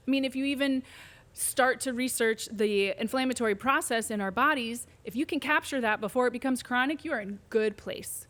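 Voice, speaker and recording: A woman's voice: fairly high pitch, fairly quick. A woman physical therapist telling a patient's story in an interview, acting out the voices she quotes. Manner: animated, acts out quoted voices. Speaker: pelvic physical therapist, guest.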